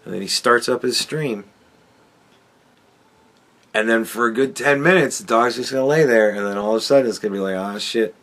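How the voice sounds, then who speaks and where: A man's voice: mid-range voice, brisk, long pauses, a bit bright. A man hosting a podcast, giving a sardonic, profanity-laced commentary monologue and chuckling often. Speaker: podcast host.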